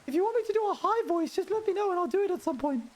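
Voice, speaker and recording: A male streamer chats with his viewers in a strikingly high, put-on head voice. He rambles from thought to thought in a loose, casual way and laughs often. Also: lively intonation, rapid-fire, a little mellow. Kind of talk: casual live-stream chat while gaming.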